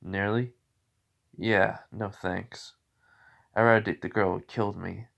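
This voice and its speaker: A man's voice: on the low side, steady tone, unhurried, gravelly, fairly bright tone. A man voicing a cocky, defiant young man who speaks bluntly and mockingly.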